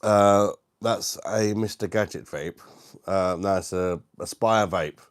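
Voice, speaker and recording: A British man hosting a casual livestream from his dining room greets viewers slowly in a low, smooth voice. The audio is clean studio sound without room noise. He stays relaxed, laughs often and leans heavily on "mate."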